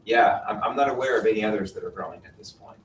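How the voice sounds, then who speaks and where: A mountaineering instructor lectures a class on glaciers, quizzing students and explaining things patiently. His voice is lowish and his pace quick. The recording is roomy, with a distant mic and faint noise.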